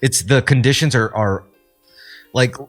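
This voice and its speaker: A man's voice: medium pitch, unhurried, soft background music. Rambling, filler-heavy podcast man. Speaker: podcast co-host. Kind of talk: casual chat.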